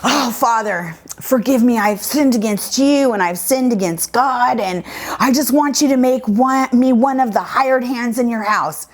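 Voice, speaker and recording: A woman's voice: on the high side, measured pace, pitched above the performer's own voice. A woman voicing a repentant younger son humbly pleading for forgiveness in a children's Bible story.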